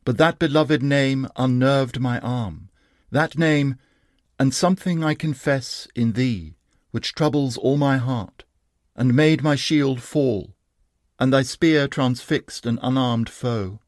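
A man reading a defiant young wounded warrior's speech in a slow, measured, archaic declaiming manner. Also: medium pitch, no echo, studio quality, natural voice. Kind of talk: poetry reading.

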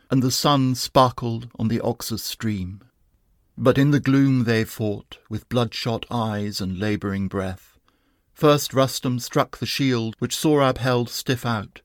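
A man reciting a narrative poem in a slow, measured, steady manner. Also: mid-range voice, no room sound, clean studio sound. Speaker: reader. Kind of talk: narrative poetry reading.

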